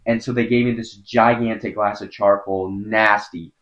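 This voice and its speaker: A young man from Wisconsin, a podcast guest telling a personal story in an earnest, halting way, full of filler words. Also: on the low side, steady tone, fairly bright tone, poor audio. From Wisconsin, USA.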